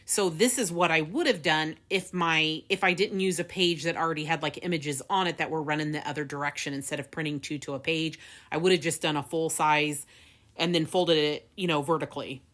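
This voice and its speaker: A woman's voice: low voice, fairly even intonation, a little fast, a bit bright. A woman hosting a casual paper craft tutorial, chatty, with frequent laughs and fillers. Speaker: craft video host.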